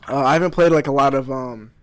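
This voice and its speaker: A man in his twenties from Iowa, a rapper guest rambling with lots of "like" and swearing, a little intoxicated. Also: medium pitch. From Iowa, USA. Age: 20s. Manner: rambling, heavy "like" filler, swears freely. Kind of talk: casual podcast chat.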